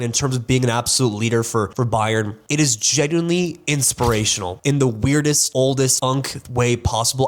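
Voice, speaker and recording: A young man hosting a sports countdown, in casual, joking commentary that rambles and restarts often. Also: mid-range voice. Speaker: sports channel host.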